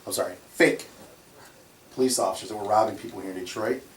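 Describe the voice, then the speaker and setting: A man tells stories in conversation, animated and quick to laugh. His voice sits back from the microphone and echoes a little around the room. A faint hiss of noise runs behind him. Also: fairly low pitch. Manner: animated, laughs often while telling stories. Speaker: security company owner. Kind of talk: conversational storytelling. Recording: roomy, distant mic, faint noise.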